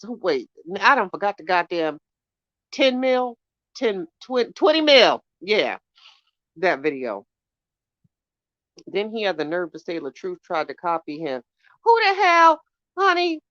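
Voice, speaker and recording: A woman's voice: deep voice, fairly bright tone, no room sound. Blunt, profane woman podcast host. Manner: blunt, profane, gossipy storyteller. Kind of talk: casual chat reacting to live chat. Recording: dull lo-fi dry sound.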